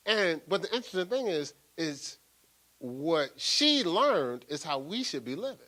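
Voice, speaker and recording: An older man, a pastor, preaching a sermon in a lively, playful way with laughter and acted-out asides. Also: a little high, unhurried.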